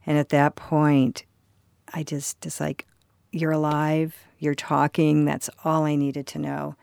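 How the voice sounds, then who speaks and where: A woman's voice: low voice, little pitch movement, unhurried, gravelly, warm tone, clear, resonant tone, no echo, clean studio sound. An older woman telling a personal story in conversation, earnestly acting out the voices of the people in it. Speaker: interviewee recalling a personal story.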